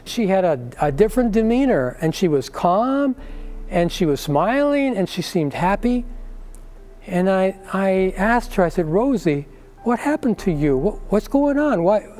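A man's voice: high-pitched, a little mellow. An older man giving an earnest personal faith testimony, acting out the voices of people in his story.

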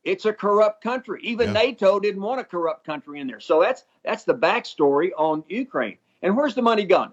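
A man's voice: sits high, expressive, breathy edge. Folksy older man on a dull line. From Texas. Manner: deliberate, folksy, emphatic, with dry humor. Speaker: guest, former congressman. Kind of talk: phone-in interview.

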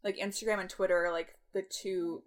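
A woman's voice: medium pitch, fairly even intonation, a little fast. A young woman in her twenties talks casually as a podcast co-host. Her speech is loose and rambling, full of "like" and easy laughter. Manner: chatty, heavy use of "like", frequent laughs. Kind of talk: casual chat.

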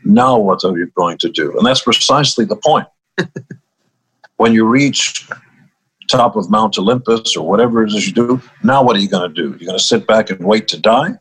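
Speaking fairly quickly, this older musician guest has a lowish, somewhat bright, slightly rough voice, captured on a low-quality recording. In the interview he spins stories in an easygoing, wry manner and chuckles at his own punchlines.

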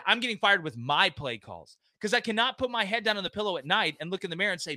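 Emphatic folksy man, high and lively. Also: quick pace, hardly any pauses, no room sound. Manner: emphatic, folksy, repeats words when excited. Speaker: guest sports analyst. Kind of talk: animated casual podcast talk. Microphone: remote call.

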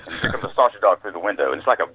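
Deep-voiced man on a phone line. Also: animated, rapid-fire, husky, dry recording. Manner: folksy storyteller, acts out quoted voices. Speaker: author guest. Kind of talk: storytelling interview. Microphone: phone call. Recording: tinny phone line, dry.

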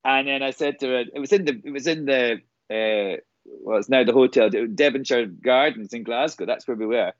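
A man's voice: mid-range voice, brisk, no echo, muffled recording. A man, a singer and performer, telling showbiz anecdotes in casual chat and quoting people in other voices.

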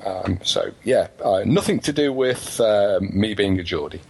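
A man's voice: lowish voice, expressive, measured pace, creaky, slightly rough, rough recording. A man with an English accent co-hosting a talk show, explaining things hesitantly with many ums. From England. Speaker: co-host. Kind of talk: casual chat.

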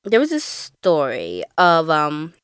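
A woman co-hosting a casual podcast, her pitch swinging widely as she talks. She is recorded close and dry, with no room sound. She often slips into mocking impressions of other people. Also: takes it slowly, clear, resonant tone, no room sound. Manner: animated, mimics voices with laughs. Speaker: podcast co-host.

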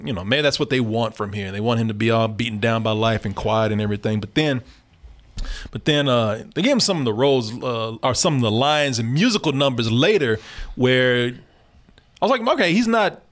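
A man's voice: medium pitch, lively intonation, a little fast. A man hosting a casual movie reaction chat, talking animatedly with frequent laughter and swearing.

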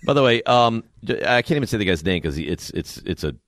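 Animated sports radio co-host, man. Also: fairly low pitch, fast, dry recording. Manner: animated, laughing, dramatic mock growls. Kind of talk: casual studio banter. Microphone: studio microphone.

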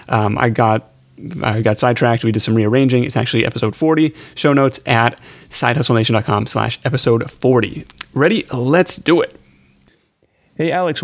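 A man's voice: mid-range voice, no room sound. A man hosting a podcast in casual chat, talking in a chatty, self-deprecating way with plenty of fillers. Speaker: podcast host.

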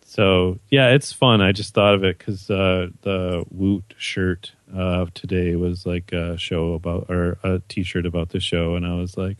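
A man co-hosting a podcast, talking in a relaxed, hesitant way with many fillers. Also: low-pitched, unhurried, hardly any pauses, clear, resonant tone, no echo. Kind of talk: casual chat.

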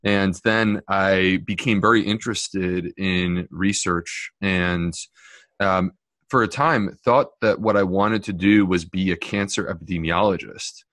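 A man's voice: low-pitched, unhurried, dry recording, studio quality. A middle-aged American man, a gastroenterologist, talking casually and jokingly as a podcast guest over a remote call. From United States. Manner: chatty, joking, animated asides.

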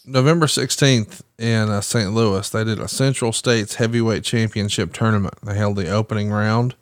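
A man's voice: fairly low pitch, steady tone, moderate pace, dry recording, clean studio sound. A man hosting a podcast, recapping events in a factual, casual way. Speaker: podcast host. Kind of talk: casual chat.

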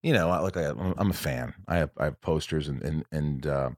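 A man with a very low voice hosts his podcast from home, chatting loosely and circling back on himself as he corrects and restarts his sentences. The sound is close and dry, with no room echo. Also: fairly quick, a little mellow. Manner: rambling, lots of restarts and self-corrections. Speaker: podcast host. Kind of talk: casual podcast chat.

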